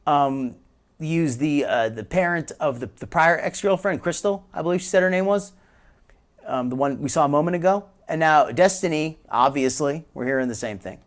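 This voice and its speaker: A man's voice: fairly high pitch, normal speed. A man in his forties hosting a live stream, rambling casually while reacting to clips. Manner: rambling, chatty, quotes his younger self in a raised voice.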